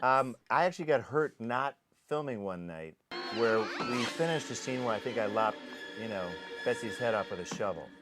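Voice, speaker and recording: A man, an actor, recalling a film shoot in animated anecdotes, acting out the sounds and voices of the people he describes. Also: mid-range voice, moderate pace, music in the background. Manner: lively storyteller who acts out sounds and voices.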